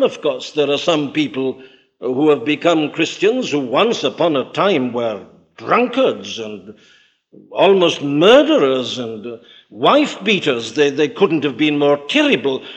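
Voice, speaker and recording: A man preaching a sermon, emphatic and deliberate, rising high and dropping low to stress his points. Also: big pitch swings, highs cut off. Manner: emphatic, dramatic swings in pitch and loudness.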